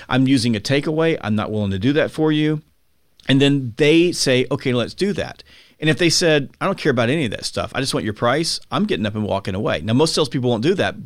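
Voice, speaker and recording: A man as a podcast guest, explaining with emphatic energy and acting out buyers and sellers in quick quotes. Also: medium pitch, dry recording, clean studio sound. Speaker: podcast guest, sales author. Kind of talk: conversational explaining.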